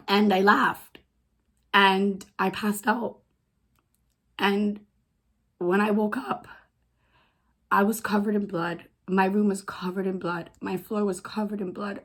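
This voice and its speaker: A woman telling her own story to camera in a halting, repetitive way, full of fillers and often hushed. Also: medium pitch, flat delivery. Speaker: vlogger.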